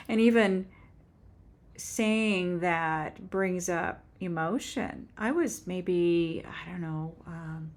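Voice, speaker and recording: A woman in her seventies telling a heartfelt personal faith story on her own channel, halting and earnest with frequent restarts. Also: on the low side. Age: 70s. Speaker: author and YouTuber. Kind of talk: personal faith testimony vlog.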